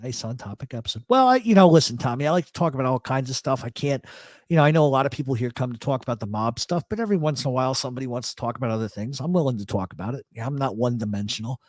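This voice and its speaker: A man's voice: mid-range voice, animated, racing, darkish tone, no room sound. A man hosting a live talk show, with a South Philadelphia accent picked up over the years, rambling and swearing through his stories. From Rhode Island. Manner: rambling, profane, storytelling. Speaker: radio show host.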